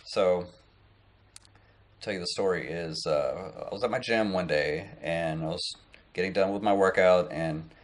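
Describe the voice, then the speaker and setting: A man's voice: low voice, unhurried. A man in his late thirties talking casually to camera as a vlogger, rambling with plenty of fillers and restarts. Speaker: online business vlogger.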